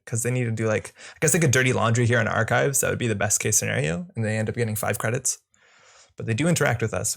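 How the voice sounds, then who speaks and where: A man's voice: medium pitch, creaky, fairly bright tone. Young man musing through a card game. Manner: casual, musing, self-correcting. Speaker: channel host and card game player. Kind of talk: thinking-aloud gameplay commentary.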